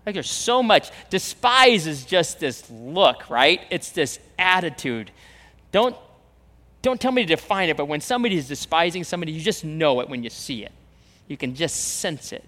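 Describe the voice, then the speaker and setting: A man's voice: fairly high pitch, expressive, normal speed, sharp tone. A man preaching a sermon as pastor, emphatic, repeating phrases and acting out the voices he quotes. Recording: reverberant hall, long echo.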